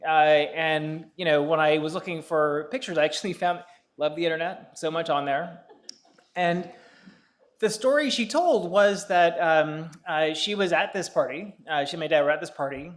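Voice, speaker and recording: Man, 50s, from the Bahamas, law lecturer, relaxed storytelling, lots of filler sounds, fairly high pitch. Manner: conversational, frequent filler sounds, light chuckles. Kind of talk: public lecture, personal storytelling. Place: lecture hall.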